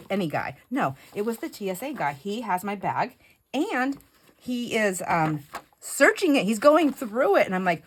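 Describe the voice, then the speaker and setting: A woman with a fairly low voice chats casually as she works on a craft project. She tells a story in a rambling, animated way, filling pauses with "um" and "like". A faint background hiss sits under the recording. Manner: chatty storyteller, many fillers and "like", animated retelling. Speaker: craft vlogger. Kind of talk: casual chat while crafting.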